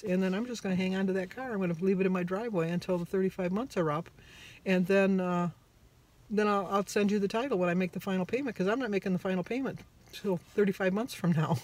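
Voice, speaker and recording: A woman's voice: mid-range voice, quick pace. Chatty woman telling stories in a vlog. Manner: animated storyteller who acts out both sides of conversations; upbeat and self-deprecating. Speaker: vlogger sharing weight-loss diary.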